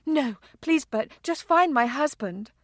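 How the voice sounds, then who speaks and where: A woman reading the part of a grieving young wife in an audiobook, her delivery soft and tremulous. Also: fairly high pitch, moderate pace, no echo, studio quality, pitched above the performer's own voice, lightly acted. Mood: pleading.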